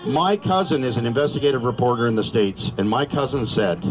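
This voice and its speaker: A man's voice: mid-range voice, big pitch swings, a little fast, music in the background, rough recording. A Canadian man giving a crude, joking, rousing speech at an outdoor rally. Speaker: rally speaker.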